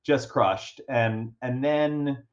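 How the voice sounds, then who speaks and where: A man's voice: mid-range voice, steady tone, very slow, highs cut off. A man speaking as a guest in a casual interview. He tells a story at length, with many fillers and restarts, and laughs often. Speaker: guest actor.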